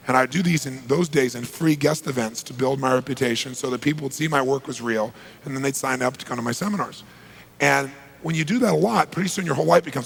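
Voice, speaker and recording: A man's voice: medium pitch, fairly quick, gravelly, a little hiss or hum, low-quality recording. A man giving a motivational talk, telling a story with emphatic, punchy delivery and acting out conversations. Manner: emphatic, punchy, acts out quoted exchanges. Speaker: motivational speaker.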